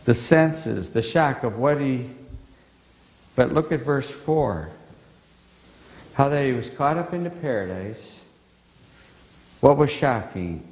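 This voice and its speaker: Male pastor, mid pitch, conversational sermon, roomy church reverb. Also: a little mellow. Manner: conversational, quizzes the congregation. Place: church sanctuary. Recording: echoey church hall.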